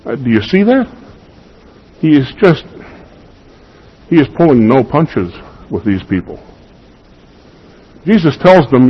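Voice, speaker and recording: A man's voice: medium pitch, very animated, slow, long pauses, husky, dull audio. A man preaching a sermon, emphatic and given to repeating key phrases for weight.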